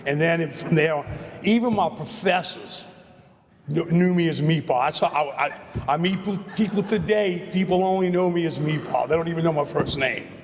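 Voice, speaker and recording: Late-50s man, slightly high voice, rambling podium speech, long hall reverb. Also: moderate pace. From Louisiana, USA. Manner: rambling, repeats words, storyteller. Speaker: hall of fame inductee. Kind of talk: acceptance speech.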